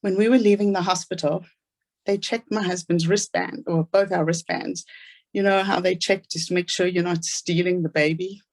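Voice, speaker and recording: Gravelly-voiced South African woman telling her story. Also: lowish voice, fairly even intonation, darkish tone. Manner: earnest storytelling, fast asides. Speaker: speaker. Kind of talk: inspirational personal talk.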